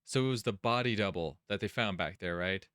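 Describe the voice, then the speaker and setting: A man's voice: lowish voice, a little fast, a bit bright, smooth, dry recording, studio quality. A man hosting a let's play, reading visual novel text aloud and musing casually about the plot. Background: game music.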